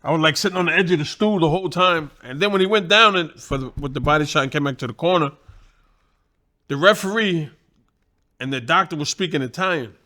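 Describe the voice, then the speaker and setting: Bright-voiced, profane middle-aged storyteller. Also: male voice, a little high, brisk. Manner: profane, animated, acts out quoted voices. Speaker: guest, boxing trainer. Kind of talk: casual storytelling.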